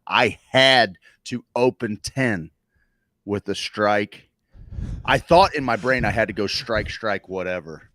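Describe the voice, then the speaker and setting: A man co-hosting a loose comedy podcast, teasing his friend with animated energy and swearing freely. His voice sits fairly low. The room sounds dry and close. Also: takes it slowly, no echo. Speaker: podcast co-host. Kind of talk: casual chat.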